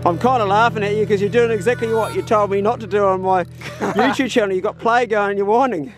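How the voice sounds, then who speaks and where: Man, high voice, upbeat fishing-vlog host on a boat, music underneath. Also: fairly quick. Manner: enthusiastic, encouraging, shouts and whoops at catches. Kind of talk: excited casual commentary while fishing. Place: outdoors on a small fishing boat.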